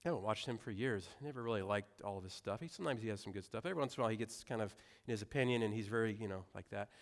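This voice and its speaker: A man's voice: lowish voice, racing. A young adult man preaching a sermon in a conversational way, with asides and rhetorical questions. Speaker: pastor.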